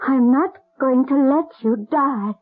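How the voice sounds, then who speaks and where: Gentle noblewoman, slow tearful pleading, husky voice, tinny old radio sound. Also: high voice, soft background music, full character voice. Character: tender noblewoman mourning a lost son. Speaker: lady of the house. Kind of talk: 1970s radio drama acting.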